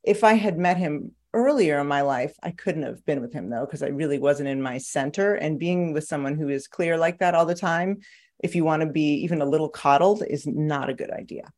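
A woman's voice: low-pitched, brisk. A woman, a podcast guest and author, chatting casually and telling stories with frequent laughter. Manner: lively storyteller who laughs often. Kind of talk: casual interview chat.

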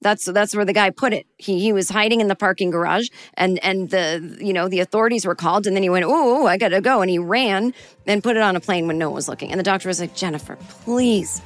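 A woman telling a personal story in a casual, animated way, mocking herself and acting out the people in it. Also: medium pitch, fast. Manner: animated, self-mocking, acts out quotes. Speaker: storyteller guest.

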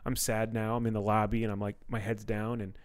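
A man's voice: lowish voice, little pitch movement, brisk. A man from Washington, D.C. hosting a podcast, telling stories in a laid-back, slangy way with plenty of swearing. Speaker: podcast host and comedian. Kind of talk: casual podcast chat.

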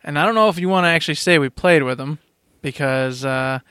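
A man co-hosting a podcast with a high, bright voice that swings widely as he tells stories. He chats casually and animatedly. The sound is dry and close. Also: a little fast, clean tone, no echo. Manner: animated storyteller. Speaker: podcast co-host. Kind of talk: casual chat.

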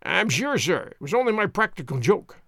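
A man's voice: high-pitched, big pitch swings, normal speed, fairly bright tone, no room sound, clean studio sound, exaggerated voice. A man reading a storybook, voicing a cowardly, wizened old man who whimpers his excuses. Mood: whimpering.

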